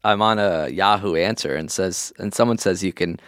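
A man's voice: normal speed, a bit bright, clear, resonant tone, dry recording, studio quality. A man co-hosting a podcast in casual comedic chat, joking around and putting on silly voices. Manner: joking, breaks into squeaky tiny voice and laughs. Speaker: podcast co-host.

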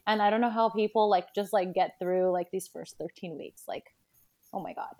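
Her medium-pitched voice is warm and steady, moving at a normal pace as she chats casually on a podcast. The young woman is pregnant, tired, and a little out of breath, filling her talk with fillers and laughter.

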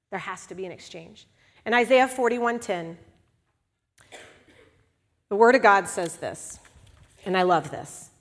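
A woman giving a sermon at a church service, candid and conversational, swinging between hushed and loud moments. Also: on the high side, expressive, unhurried, long pauses, big-room sound.

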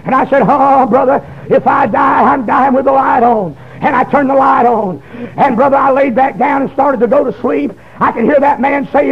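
A man, preaching a testimony sermon in a folksy storytelling way that breaks into shouting. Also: extremely high pitch, moderate pace, husky. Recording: dull lo-fi recording.

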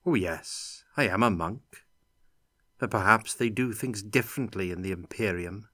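A cunning, wary monk, as a male narrator voices him in an audiobook, measured and mild, keeping his thoughts guarded. The voice stays low and hushed, bright in tone and completely dry. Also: no room sound.

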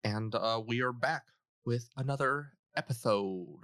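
A man's voice: mid-range voice, measured pace, fairly bright tone, no room sound, studio quality. A man co-hosting a casual gaming podcast, bantering playfully and poking fun at himself. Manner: playful, self-mocking banter. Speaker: podcast co-host.

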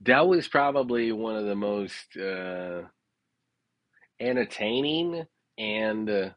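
A man's voice: fairly low pitch, slow pace, dry recording, highs cut off. A man telling a rambling personal story in a casual, profane way. He keeps checking in with his listeners and laughs at his own tale. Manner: rambling, profane, frequent "you know what I'm saying".

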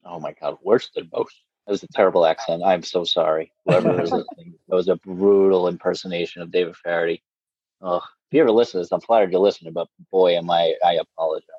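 Male podcast co-host, low voice, self-mocking humor, dull dry recording. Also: little pitch movement, fast talker, darkish tone, husky, no room sound. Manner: self-deprecating, apologetic joking. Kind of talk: casual chat. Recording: dull lo-fi mic.

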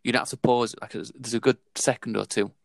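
A man in a casual film chat, telling his points in a relaxed, rambling way. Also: medium pitch, quick pace, creaky, dry recording.

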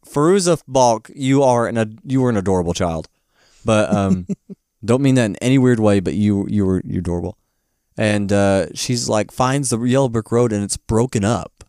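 Rambling, animated male podcast co-host. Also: on the low side, normal speed, clean tone, no echo, clean studio sound. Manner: animated, rambling, laughs often. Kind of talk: casual movie-review chat.

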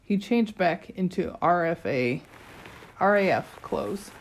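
Slow, low-voiced woman narrator. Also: animated. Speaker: audiobook narrator. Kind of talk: scripted narration.

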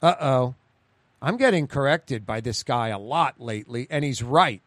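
A man's voice: medium pitch, lively intonation, moderate pace, fairly bright tone, no echo. A male radio talk show host, chatting on air in a blunt, ranting way with sarcastic asides.

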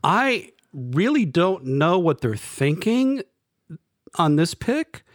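A man in a casual sports talk, reviewing picks in a hesitant, stop-start way. His voice is a little higher than most men's, and the sound is dry with no room echo. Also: big pitch swings, slow. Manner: hesitant, many restarts. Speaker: podcast co-host.

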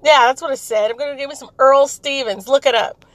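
A woman's voice: high voice, brisk, a bit bright, no echo, low-quality recording. A woman hosting her own podcast, venting bluntly and repeating herself for emphasis while recording from a car. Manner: blunt, repetitive, emphatic, rambling. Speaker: podcast host. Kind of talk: candid venting monologue. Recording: road noise from a car.

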